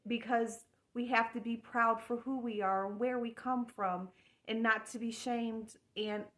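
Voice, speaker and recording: An earnest woman with a higher-pitched voice talks straight to her viewers in a heartfelt monologue. She sounds emotional and spiritual, and she circles back to the same words again and again. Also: fairly even intonation, unhurried, a bit bright. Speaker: vlogger.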